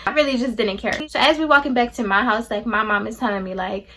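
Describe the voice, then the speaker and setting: A woman's voice: a little high, brisk, few pauses, noisy background. A young adult woman telling a personal story to her viewers, blunt and profane, acting out the people she quotes. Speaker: vlogger. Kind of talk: storytime chat to camera.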